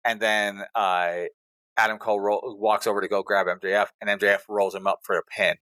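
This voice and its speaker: A male podcast co-host giving an animated, play-by-play recap in casual chat. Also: on the low side, a little fast, dry recording.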